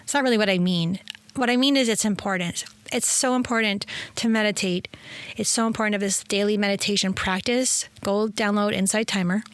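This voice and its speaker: An energetic woman hosting a spiritual podcast, talking in a rambling, effusive monologue. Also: medium pitch, brisk, clear, resonant tone, dry recording. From Italian heritage. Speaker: spiritual teacher and podcast host. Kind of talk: casual inspirational monologue.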